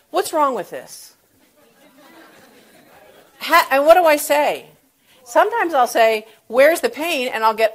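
A woman who works in hospice and palliative care, giving a lively talk and acting out phone calls. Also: on the high side, unhurried. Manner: animated, acts out phone calls with exaggerated voices. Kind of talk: lecture with storytelling.

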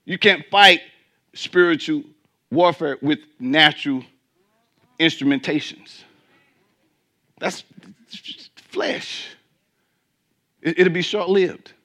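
A man preaching a sermon as pastor, swinging between emphatic peaks and quiet asides and asking the congregation questions. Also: fairly high pitch, takes it slowly, long pauses.

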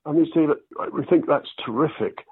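An older Scottish man, an actor, telling self-deprecating stories in a relaxed interview. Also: on the high side, a little fast, slightly rough, dry recording. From Scotland. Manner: storytelling, self-deprecating, quotes others in lively voices. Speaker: actor guest. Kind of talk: anecdotal interview chat. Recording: dry tinny phone-like line.

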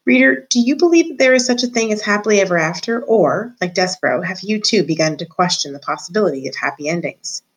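A woman teacher reading a children's book aloud to her students in a clear, expressive, measured way. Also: medium pitch, low-quality recording.

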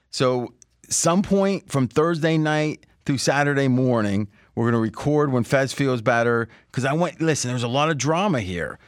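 A man hosting a casual sports-betting podcast, rambling in animated asides. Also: mid-range voice, no echo, studio quality. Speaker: podcast host.

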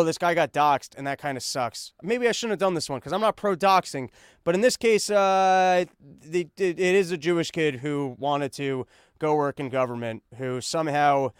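Guy doing a sarcastic news rant, kinda high voice, smooth, dry close sound. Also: dry recording. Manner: rambling, sarcastic, full of fillers and restarts; talks while pacing on a treadmill. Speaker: podcast host. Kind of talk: comedic news monologue.

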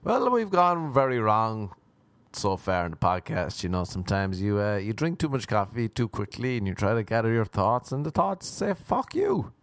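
Man, podcast host, rambling comedy monologue, crude, mocking, lively pitch, dry close sound. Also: moderate pace, no room sound. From abroad, living in America. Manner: crude, sarcastic, mocking impressions.

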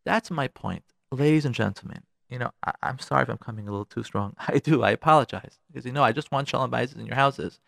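A man's voice: mid-range voice, fast talker, creaky, few pauses, no room sound, studio quality. A man hosting a radio advice show. He lectures on marriage in a preachy way and keeps acting out little scenes. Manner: animated, preachy, acts out scenes. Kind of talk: relationship advice talk.

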